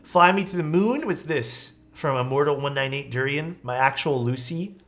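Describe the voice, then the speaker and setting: A man's voice: mid-range voice, moderate pace, fairly bright tone. A man casually commenting on viewers' keyboard photos during a live stream, easygoing and full of praise. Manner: enthusiastic, easygoing, lots of praise.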